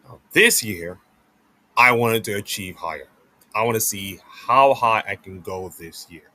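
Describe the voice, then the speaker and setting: A man's voice: on the low side, unhurried, pushed and bright, dry recording. A man in his late twenties, giving a rambling, casual update on his esports channel and often repeating "of course". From Jamaica. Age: 20s.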